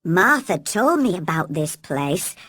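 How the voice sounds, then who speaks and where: Calm country boy, soft and slow, a bit breathy, lady reader doing him. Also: fairly low pitch, dry recording, voice pushed down, exaggerated voice. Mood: gentle.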